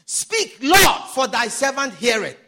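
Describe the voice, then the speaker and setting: High-voiced, animated preaching man. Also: vocal fry, a little hiss or hum. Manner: preaching with sudden shouts and drawn-out emphatic lines. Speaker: pastor. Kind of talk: sermon.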